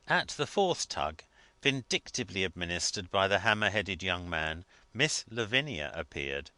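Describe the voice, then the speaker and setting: In a measured, expressive storytelling style, a man narrates a classic novel as an audiobook. His pitch is fairly low, and there's no echo.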